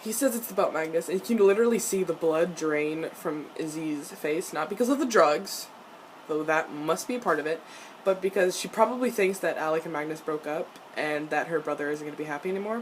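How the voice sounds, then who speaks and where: A young woman reacting to a TV episode in a casual vlog, animated and profane, with frequent laughs. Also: low voice, fairly quick, slight background noise. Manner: laughs often between lines.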